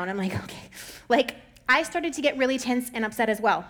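A woman's voice: fairly high pitch, lively intonation, a little fast. A woman in her thirties giving casual advice, talking conversationally, laughing often and acting out little quoted lines.

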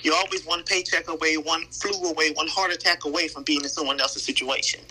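An earnest, reflective man talks in a casual chat. His tone is very bright, and his voice sits a bit high. Faint ambient noise hangs behind him. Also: steady tone, a little fast, low-quality recording.

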